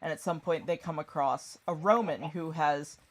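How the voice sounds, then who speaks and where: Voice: mid-range voice, moderate pace. A channel creator casually retelling a book and film in a loose, rambling way, full of fillers, swearing and laughter, and acting out the characters' lines along the way.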